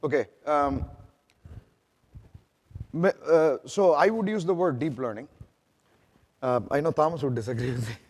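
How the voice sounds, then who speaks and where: A man's voice: a little high, darkish tone. A man with an Indian accent giving a conference presentation, talking conversationally with many restarts and questions to the audience. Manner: conversational, frequent restarts and "right?" checks to the audience. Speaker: product manager presenting at a conference. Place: large conference hall. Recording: long echo of a conference hall.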